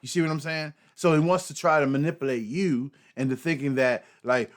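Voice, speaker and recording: A man's voice: on the high side, fairly quick, few pauses. Man hosting an emphatic reaction commentary. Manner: emphatic, repetitive, profane, fillers. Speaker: host.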